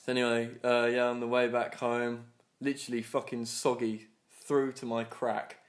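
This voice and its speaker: A young man in his twenties rambles through a story on a casual podcast, swearing freely and laughing as he goes. He slips into other people's voices to act out what they said, at a middle pitch. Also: level tone, moderate pace. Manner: acts out other people's lines in his retelling. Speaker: podcast co-host.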